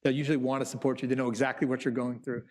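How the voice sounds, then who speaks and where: A man's voice: medium pitch, very fast. A man, a theater producer, giving a conversational talk to business students and acting out quotes as he tells anecdotes. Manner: animated storyteller who acts out quotes. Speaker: Broadway producer.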